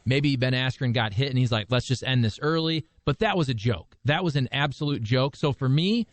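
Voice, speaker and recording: A man hosting a sports radio show, talking in a measured, wry, conversational way. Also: mid-range voice, expressive, no room sound. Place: radio studio.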